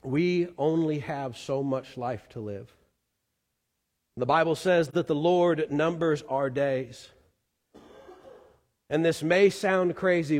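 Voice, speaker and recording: High-voiced preacher in an echoing church. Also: male voice. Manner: earnest, swells loud then drops quiet. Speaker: pastor. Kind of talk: sermon. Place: church sanctuary. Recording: long reverb in a church hall.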